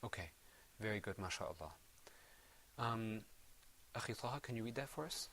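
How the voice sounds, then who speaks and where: A man teaching Quran recitation, patiently encouraging his students and trailing off softly after each bit of praise. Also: on the low side, lively intonation, normal speed, slight background noise. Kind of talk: gentle classroom instruction.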